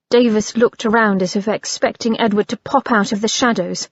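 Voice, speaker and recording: A woman narrating an audiobook in a measured, expressive reading. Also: medium pitch, no echo, dull audio.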